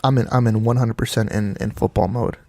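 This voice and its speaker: A man's voice: medium pitch, fairly even intonation, creaky, darkish tone. A man with a mid-range voice talks in an easygoing, rambling way on a casual podcast. His voice sounds close and dry, with no room echo. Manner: easygoing, rambling with fillers, quick asides. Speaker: podcast co-host. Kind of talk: casual chat.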